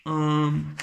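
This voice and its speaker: A man giving a casual spoken film review, halting, with many ums and restarts, and blunt, with free swearing. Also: a little high, vocal fry, highs cut off. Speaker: movie reviewer.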